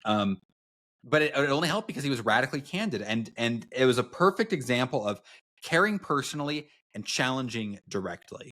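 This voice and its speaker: A man's voice: medium pitch, animated, fairly quick, a bit bright. A young man co-hosting a podcast, telling stories in casual chat with many fillers and restarts. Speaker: podcast co-host.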